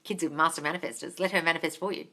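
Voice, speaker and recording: Aussie lady doing a live q&a on her phone, bright sharp voice, says darling a lot, swears casually. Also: sits low, steady tone, racing. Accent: Australian. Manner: chatty, calls viewers darling, swears casually. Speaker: manifestation coach host. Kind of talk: live-stream Q&A, reading comments.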